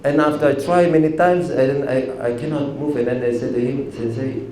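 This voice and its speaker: A man's voice: mid-range voice, fairly quick. A man, an aikido teacher telling stories to an audience in simple, broken with a chuckle. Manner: lively storytelling in simple broken English, chuckling. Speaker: aikido teacher giving a talk. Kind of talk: storytelling talk to an audience. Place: cafe venue. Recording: very echoey room, distant mic, faint noise.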